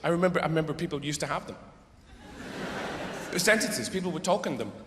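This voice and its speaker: A man's voice: on the high side, lively intonation, a little fast, background noise. A middle-aged man performing stand-up comedy on stage, rambling and sardonic, swearing freely and breaking into outbursts. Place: live theater stage. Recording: echoey theater hall, faint audience.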